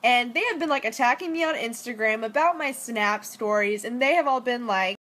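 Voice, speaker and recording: A woman's voice: a little high, brisk, hardly any pauses, a bit bright. A young adult woman chatting casually into her phone camera, rambling and joking with lots of "like". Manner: rambling, joking, heavy use of "like". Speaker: vlogger. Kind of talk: casual selfie-story chat.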